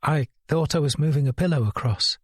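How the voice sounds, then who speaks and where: A man's voice: a little high, a little fast, husky, no echo, studio quality, pitched above the performer's own voice. A man voicing a flustered young woman who pleads through tears and keeps apologizing. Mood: tearful, pleading. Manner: pleading, teary.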